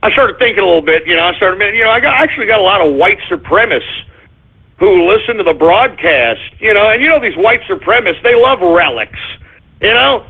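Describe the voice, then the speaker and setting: A male radio host rambles through anecdotes and shout-outs with a profane, restless delivery. His voice sits high and husky, squeezed through thin phone-like audio. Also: expressive, fairly quick. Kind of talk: rambling anecdote and show segments.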